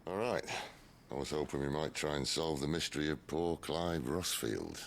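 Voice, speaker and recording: An actor playing a wry middle-aged outlaw leader in a video game, easygoing and dry. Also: male voice, rumbling low, expressive, moderate pace, vocal fry, slight background noise, full character voice. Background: game music.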